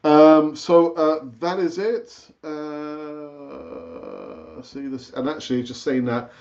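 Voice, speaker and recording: A man hosting a casual live-stream football chat, chatty and animated, rambling with fillers and restarts, his pitch jumping up when he gets excited. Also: slow pace, creaky, lo-fi sound. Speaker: football channel host.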